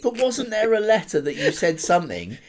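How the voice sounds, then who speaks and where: A man's voice: high voice, wildly swooping pitch, fairly quick, background noise. Dry-humoured man. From England. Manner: dry, plain-spoken, grumbling. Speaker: podcast co-host. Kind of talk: casual chat.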